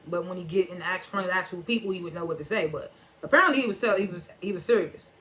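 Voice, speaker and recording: Speaking in AAVE at a fast clip, this TV reviewer has a medium-pitched, bright, forceful voice. He casually recaps an episode, retelling it scene by scene and line by line, quoting characters with "he was like" and chuckling and reacting at the twists.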